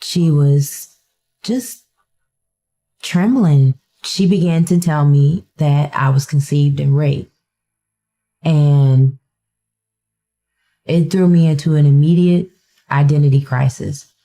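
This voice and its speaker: A woman tells her story in a deliberate way. Her voice is low and mellow, and her pace is slow. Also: steady tone. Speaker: interviewee sharing her story. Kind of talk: personal testimony.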